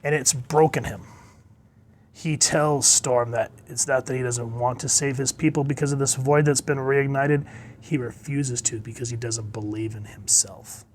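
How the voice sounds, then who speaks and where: A man's voice: mid-range voice, fairly even intonation, moderate pace. Chatty man reviewing a comic book. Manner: rambling, chuckling, stops to look things up; enthusiastic about the storytelling. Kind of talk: casual review narration.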